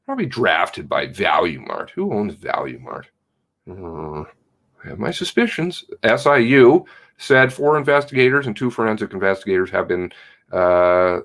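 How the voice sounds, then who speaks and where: A man's voice: low voice, a bit bright. A man hosting a casual commentary livestream, greeting viewers from the chat by name and ranting with indignation. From Canada. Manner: indignant ranting, reads chat names aloud. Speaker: livestream host.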